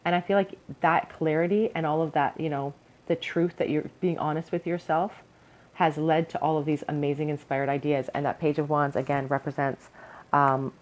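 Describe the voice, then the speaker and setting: A woman's voice: low voice, a little mellow, rough recording. A young woman giving an encouraging, earnest pick-a-card tarot reading to her viewers. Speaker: tarot reader.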